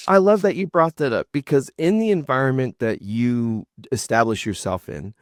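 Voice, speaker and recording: Earnest rambling talk show host. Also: male voice, mid-range voice, normal speed, no echo, clean studio sound. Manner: earnest, rambling questions with slangy asides. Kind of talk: casual interview talk.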